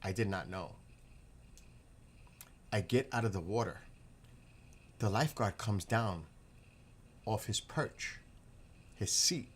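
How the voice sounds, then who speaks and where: A middle-aged man from the northeastern US telling rambling, profane stories in a casual monologue. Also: fairly low pitch. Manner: rambling, profane, animated retelling.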